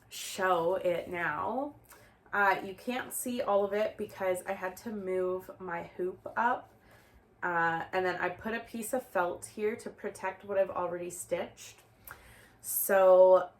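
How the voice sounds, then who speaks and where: A woman from Canada talks to her viewers in a relaxed, unhurried way. She rambles, restarts her sentences and fills the gaps with little fillers as she shows her craft work to the camera. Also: on the low side. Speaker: knitting vlogger. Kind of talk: casual chat to camera.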